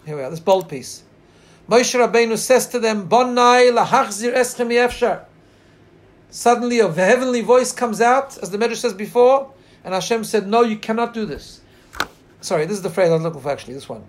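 Guy with a high voice teaching torah, tells the midrash earnestly, draws out the quotes slow. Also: expressive. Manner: pauses to share screen and look up text. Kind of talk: Torah class.

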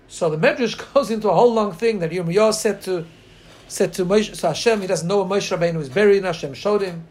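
Man teaching a Midrash in a high voice. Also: darkish tone. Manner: earnest, mixes Hebrew readings with English translation; slows and lifts his voice when reading lines. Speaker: Torah teacher.

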